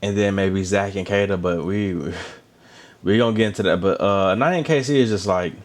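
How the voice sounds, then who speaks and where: Casual male recap host with a low voice, animated delivery, chatty asides. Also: moderate pace. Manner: animated, chatty, with asides about drinking water and lotion. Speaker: reality show recap host.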